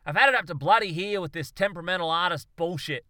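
A man's voice: medium pitch, a little fast, pushed and bright, no echo, close to an everyday voice. A man voicing a temperamental, swearing man, weary at times and furious at others. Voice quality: swears a lot, gruff.

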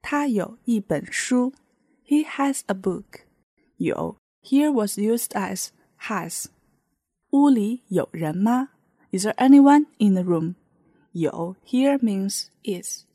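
Slow, mellow-voiced woman teaching. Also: mid-range voice, lively intonation, no echo. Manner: patient, explains with many example sentences. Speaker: language teacher. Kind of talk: podcast language lesson.

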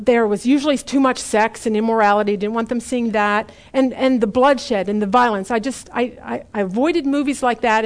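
In an earnest sermon, a middle-aged woman with a slightly high voice asks the listeners direct questions and slows her delivery to emphasize key points.

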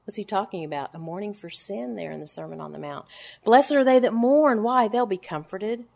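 A woman in her forties teaching the Bible to a room of women. She preaches with wide swings, punching single words loudly and then sinking to quiet, grave lines, all in a mid-pitched voice. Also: a little fast, creaky. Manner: emphatic preaching, swings from loud declarations to hushed low lines. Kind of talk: sermon to a women's gathering.

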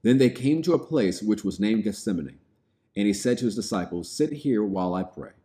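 A man's voice: lowish voice, lively intonation, brisk, mellow. A man preaching a sermon, reading scripture aloud and then explaining it in plain, everyday words.

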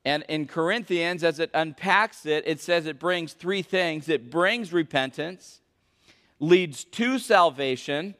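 A man preaching a sermon as pastor, questioning the congregation and swinging between loud emphasis and hushed intensity. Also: a little high, slow. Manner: questions the congregation and calls for answers. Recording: long reverb of a large hall.

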